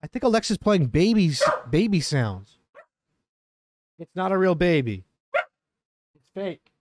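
A man's voice: high-pitched, sing-song, measured pace, a little mellow. Chatty man streaming a life-sim game. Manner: chatty, exclaims often, talks to his dogs between game remarks. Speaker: gaming streamer. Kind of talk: casual gameplay commentary.

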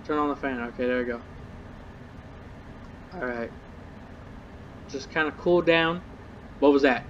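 A man's voice: medium pitch, a little slow, long pauses, fairly bright tone, muffled recording, a little hiss or hum. A young man commentating a horror game, jittery and nervous, swearing and muttering to himself. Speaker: gamer.

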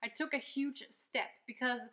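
A woman's voice: high voice, normal speed, a bit bright. A woman teaching a singing lesson, explaining step by step in an upbeat, encouraging way. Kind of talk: vocal lesson with demonstrations. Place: loud location, not a quiet studio.

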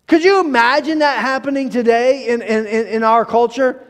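A man with a high voice preaching, storytelling with animation and acting out the quotes. He often restarts his phrases. His voice rings with long reverb. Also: normal speed. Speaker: pastor. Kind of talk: sermon.

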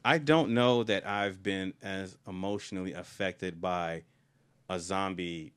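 A man's voice: low voice, measured pace, a bit bright, clear, resonant tone. A man co-hosting a casual film podcast, talking enthusiastically with lots of fillers and restarts. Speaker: podcast co-host.

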